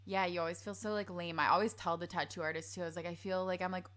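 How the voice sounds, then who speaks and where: A woman's voice: lowish voice, flat delivery, quick pace, fairly bright tone. A young woman from Canada, a podcast guest in casual chat, rambling with many fillers and giggles.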